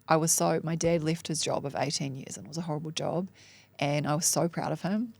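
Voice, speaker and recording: A woman's voice: low voice, brisk, gravelly, a little mellow, dry recording. A woman speaking candidly as a coaching client on a podcast, frank and self-deprecating, swearing casually and laughing often. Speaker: coaching client, mom and entrepreneur.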